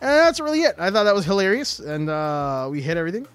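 Canadian guy rattling off podcast banter, high voice, talks fast, dry mic. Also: sing-song, a bit bright, smooth, soft background music. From Western Canada. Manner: quick, laughing, profane banter. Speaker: podcast co-host. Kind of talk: casual podcast chat.

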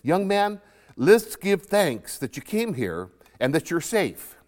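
A preacher putting on a stern, loving old grandmother, raised high in pitch. She talks in a folksy, firm way, scolding with conviction. Long reverb trails every word. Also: very animated, takes it slowly, a little mellow. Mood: tender. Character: feisty elderly Christian grandmother, stern but loving.

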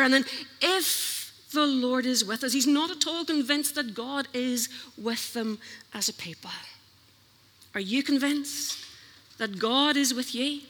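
A woman's voice: high-pitched, pushed and bright. Earnest woman preaching in a reverberant hall. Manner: earnest, questioning the listeners. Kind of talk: sermon.

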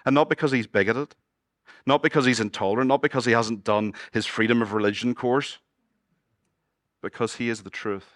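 A man preaching a sermon as pastor, moving between loud exclamations and hushed, low passages and asking his congregation questions. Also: fairly even intonation, moderate pace, no room sound, studio quality. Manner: asks the congregation questions and jokes with them. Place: church.

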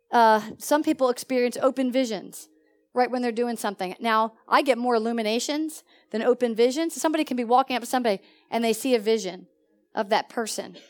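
Animated woman preacher questioning her congregation. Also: fairly high pitch. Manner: animated and conversational, often asks the audience questions. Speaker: pastor teaching a congregation. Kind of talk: sermon. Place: church service.

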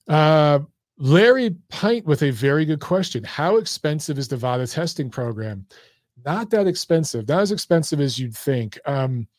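A man's voice: fairly high pitch, a little mellow, no room sound, studio quality. A man hosting a boxing chat stream, talking bluntly and profanely straight to his viewers while losing his voice. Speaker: boxing show host. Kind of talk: casual live-stream chat.

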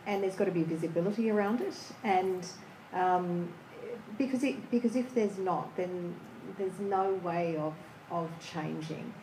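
A woman on a discussion panel, speaking haltingly with frequent restarts. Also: medium pitch, mellow, roomy sound, a little hiss or hum, poor audio. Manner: halting, many restarts and fillers.

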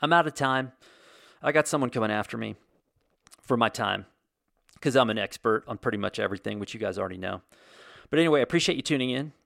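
A man's voice: mid-range voice, expressive, fast, creaky, pauses often, a bit bright, dry recording. A man hosting a casual opinion monologue, rambling and blunt, with many restarts and asides. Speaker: host.

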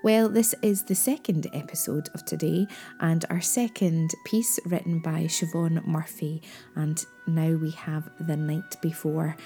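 A woman's voice: sits low, mellow. A woman hosting a podcast, introducing the episode in a chatty, friendly way. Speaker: podcast host.

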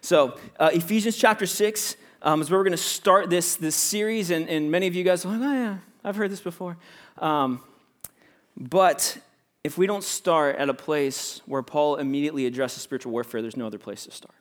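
A man's voice: a little high, moderate pace. A young adult man, a pastor, preaching a sermon in a casual, conversational way with many fillers.

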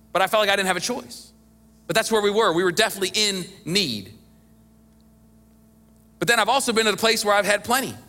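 A man's voice: sits high, bright, forceful tone. A middle-aged man preaching a sermon as pastor, talking conversationally with emphatic bursts and small chuckles.

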